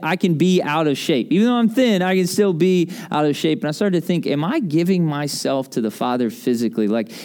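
A man in his thirties preaching a sermon in a relaxed, conversational way, often acting out what other people said. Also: on the high side. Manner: animated, conversational, acts out quoted voices. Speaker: pastor.

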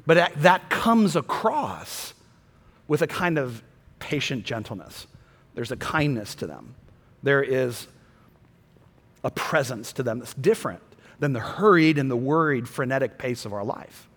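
A man preaching a sermon as a pastor, swinging from soft, quiet passages to loud, fervent peaks. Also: medium pitch, animated, unhurried, husky, in a large hall.

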